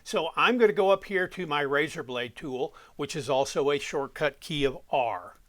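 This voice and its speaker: A man giving a step-by-step software walkthrough as an audio production instructor, talking while he clicks. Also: on the high side, normal speed.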